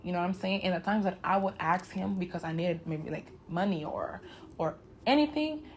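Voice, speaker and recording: Woman in her twenties, vlogger, candid and emotional, slightly low voice, speaks straight to her viewers. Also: fairly quick, slight background noise. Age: 20s. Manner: emotional, frank, talks straight to viewers with "y'all" and "you know". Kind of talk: candid personal story told to camera.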